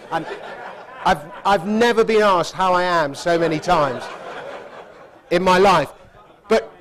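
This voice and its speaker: Brief: a chatty man with a slightly high voice, telling an anecdote and laughing along. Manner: chatty, laughs through the story. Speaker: storyteller. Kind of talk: anecdotal storytelling talk.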